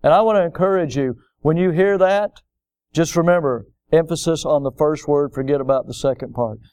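A man's voice: on the high side, a little fast, darkish tone, clean tone. A middle-aged man preaching a sermon as pastor, building to emphatic, impassioned peaks.

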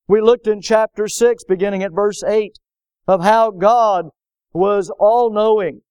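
A man's voice: high-pitched, a little mellow, smooth, no room sound. A man preaching a sermon emphatically and putting questions to his congregation. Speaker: pastor.

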